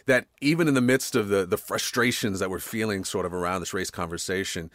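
A man co-hosting a podcast, thoughtful and quick to laugh, often restarting his sentences. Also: deep voice, fairly bright tone, no room sound, clean studio sound. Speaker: podcast co-host. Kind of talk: casual conversation.

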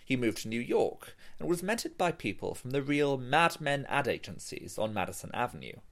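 A man narrates a podcast from a script in a measured storytelling manner. His pitch is mid-range but moves in a lively, varied way. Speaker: podcast host.

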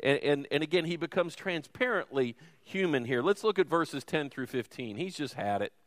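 A man's voice: fairly high pitch, animated, normal speed, in a large hall. A man preaching a sermon as teaching pastor, in a conversational, folksy way. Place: church sanctuary.

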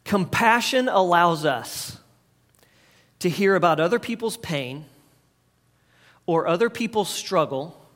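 High-pitched guy preaching, chatty pastor vibe, gets the crowd to say stuff back. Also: lively intonation, takes it slowly, pauses often, a bit bright. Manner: conversational preaching, leads the audience in call-and-response. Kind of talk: sermon.

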